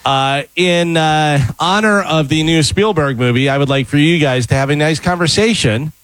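Male radio co-host, slightly high voice, rambling chat, dry studio mic. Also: normal speed, fairly bright tone, dry recording, low-quality recording. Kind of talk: casual morning radio banter.

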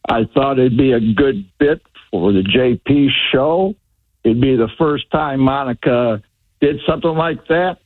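Hesitant male caller on a phone line. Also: medium pitch. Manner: halting, hesitant, full of uh. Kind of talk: phone call to a radio show.

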